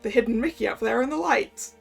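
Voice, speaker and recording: A woman's voice: fairly high pitch, fairly quick, creaky, husky, soft background music. A woman streaming a game, chatting and giggling as she comments between reading its lines aloud. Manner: giggly, chatty, self-correcting. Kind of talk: let's-play commentary.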